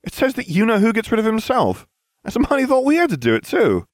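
A man's voice: high-pitched, wildly swooping pitch, brisk, dry recording, pitched above the performer's own voice. In a storybook read-aloud, a man voices an awkward teenage boy wizard, eager and a little clumsy, his raised voice swinging up and down. The sound is dry.

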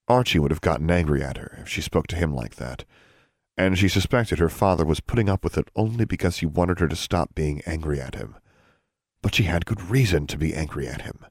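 Deep-voiced man narrating a story. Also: dry recording, studio quality. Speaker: audiobook narrator. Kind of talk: scripted narration.

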